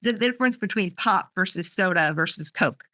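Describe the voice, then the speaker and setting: A female crime novelist on a podcast panel, chatting quickly and telling anecdotes about her books. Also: lowish voice, lively intonation, pushed and bright, dry recording. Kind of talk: casual roundtable chat.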